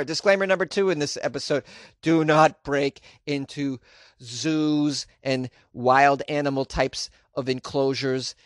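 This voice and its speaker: A man's voice: mid-range voice, dry recording. Guy riffing on weird news, jokey and sarcastic, dry sound. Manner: sarcastic, joking asides with laughs. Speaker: host. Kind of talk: commentary on news stories.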